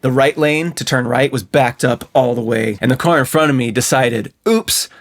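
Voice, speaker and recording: A young adult man co-hosting a podcast, telling a story in a relaxed, matter-of-fact way. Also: mid-range voice, normal speed. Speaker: podcast co-host. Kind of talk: casual storytelling chat.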